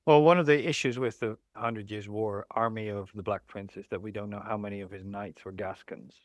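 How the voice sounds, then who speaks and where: A man's voice: on the low side, fairly even intonation, fairly quick, no room sound. A man who is a guest on a podcast, explaining history in a thoughtful, rambling way with many restarts. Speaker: guest, historical riding expert. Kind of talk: conversational explanation.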